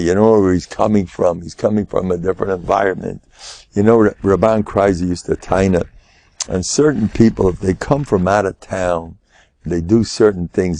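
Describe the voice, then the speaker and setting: An older man, giving an animated storytelling class as a rabbi. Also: deep voice, vocal fry. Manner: animated, acts out quotes in raised voices, laughs often. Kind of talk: lively storytelling lecture.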